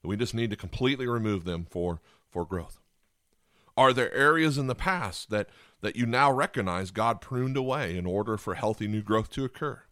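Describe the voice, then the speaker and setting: A man's voice: lowish voice, lively intonation, normal speed, a bit bright, dry recording, studio quality. A man preaching a sermon as pastor, repeating key lines and asking listeners rhetorical questions.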